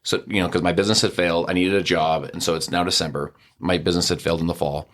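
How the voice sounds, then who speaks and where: Very deep-voiced man telling a story. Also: fast talker. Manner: animated storyteller, acts out quoted dialogue. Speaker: podcast guest. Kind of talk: casual storytelling interview.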